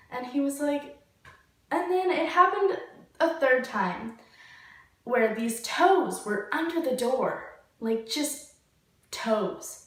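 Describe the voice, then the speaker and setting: A young woman with a fairly high voice tells a story, rambling along with constant "like"s and casual swearing. She sits back from the mic, so her voice lands in a very echoey room. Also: distant mic. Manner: rambling, heavy use of "like" and swearing. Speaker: vlogger.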